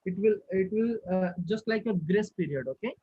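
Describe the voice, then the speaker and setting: A man's voice: high voice, moderate pace, warm tone, highs cut off, slight background noise. A man teaching a live online class who keeps asking his students questions and repeating himself. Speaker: instructor. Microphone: video call.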